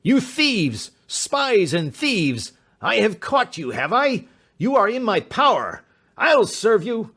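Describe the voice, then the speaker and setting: A man's voice: high-pitched, very animated, slow pace, a bit bright, husky, pitched above the performer's own voice, heavily acted. A man voicing a fat, burly villain who shrieks furious accusations in a storybook reading. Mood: shrieking rage.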